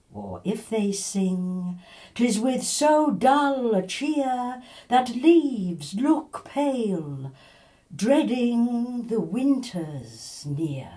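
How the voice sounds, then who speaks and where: A woman, an amateur actor, giving a measured, solemn sonnet recitation. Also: fairly high pitch, lively intonation, mellow. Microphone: home recording.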